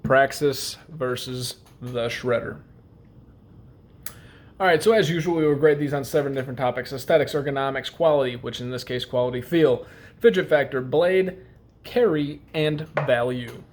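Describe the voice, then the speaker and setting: A man's voice: fairly high pitch, brisk, darkish tone. Rambling man hosting a knife review vlog. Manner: rambling, self-joking, many fillers. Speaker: host.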